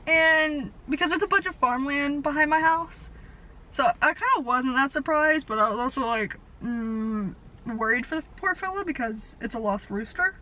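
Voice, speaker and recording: A woman in her twenties, a vlogger rambling through stories in casual chat, talking fast and animated with lots of "like", recorded in a car. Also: sits high, poor audio. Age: 20s. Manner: fast, animated storytelling with frequent "like". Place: parked car.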